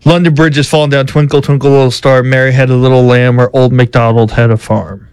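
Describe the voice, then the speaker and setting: A man working as a radio show producer, reading quiz questions in a flat, monotone delivery and chuckling often. His voice sits at an ordinary pitch for a man and sounds dry and close on the mic. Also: brisk, smooth, dry recording. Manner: monotone, laughs easily. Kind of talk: casual on-air banter, reading a quiz. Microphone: studio microphone.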